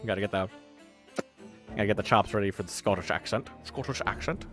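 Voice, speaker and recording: A man's voice: on the low side, level tone, fast, music in the background. Laid-back man joking over a game. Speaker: streamer. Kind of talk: casual game commentary.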